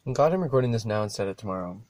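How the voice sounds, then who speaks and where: A man's voice: lowish voice, expressive, rapid-fire, darkish tone, no echo. A man hosting his own podcast, talking alone in a loose, profane, stop-start ramble. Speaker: podcast host. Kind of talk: rambling solo podcast chat.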